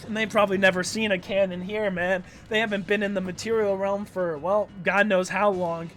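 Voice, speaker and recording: A man's voice: high-pitched, flat delivery, a little fast, fairly bright tone, soft background music. A man reading a comic aloud in a loose, casual way, breaking off to comment, swear and laugh. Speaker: manga read-along host.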